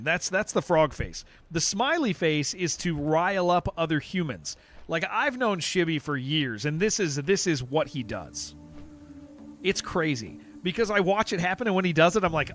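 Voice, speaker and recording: A man's voice: a little high, very animated, moderate pace, fairly bright tone. A man streaming a game, chatting casually and emphatically with his viewers and answering their messages as he goes. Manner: rambling, emphatic, reacts to chat messages.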